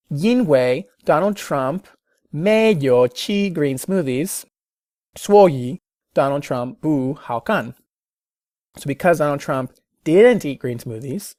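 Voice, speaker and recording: A teacher learning Mandarin who talks through practice sentences in a casual video diary, chatty and thinking aloud with quick self-corrections and small laughs. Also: medium pitch, a little mellow, dry recording, studio quality.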